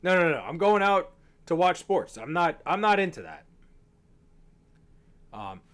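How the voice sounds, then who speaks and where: A man's voice: fairly high pitch, big pitch swings, measured pace, a bit bright. A young man on a livestream, chatting casually, rambling and swearing, a little tipsy. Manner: rambling, profane, joking. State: a bit tipsy. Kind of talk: casual chat to stream chat.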